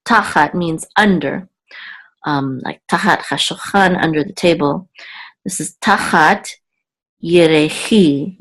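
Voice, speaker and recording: A woman teaching Biblical Hebrew word by word, patient and halting, often correcting herself. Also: sits low. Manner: halting, with many fillers and self-corrections. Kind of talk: slow, patient word-by-word lesson.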